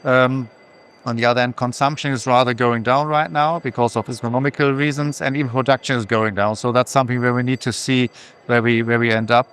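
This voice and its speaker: A man speaking as a recycling company executive in a trade fair interview, measured and pausing often with fillers. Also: medium pitch, steady tone, fairly bright tone, smooth. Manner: measured, many filler pauses.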